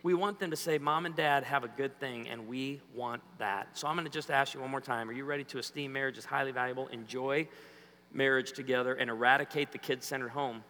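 A man's voice: mid-range voice, fast. A man preaching a humorous sermon in a church, joking and quizzing the audience. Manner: lively, jokey, quizzes the audience. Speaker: guest preacher. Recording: echoey hall.

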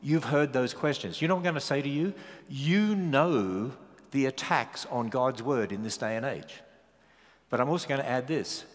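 A man's voice: medium pitch, normal speed. Australian man preaching in a reverberant hall. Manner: animated, rhetorical questions, joking asides. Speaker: guest speaker. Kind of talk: sermon. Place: large church hall.

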